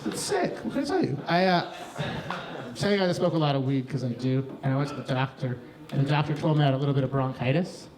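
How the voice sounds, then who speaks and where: A man's voice: mid-range voice, fast, a crowd in the background, rough recording. Man, stand-up comic, rambling and profane, live bar recording, audience noise. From Hamilton, Ontario, Canada. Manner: rambling, profane, excitable storytelling. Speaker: stand-up comedian.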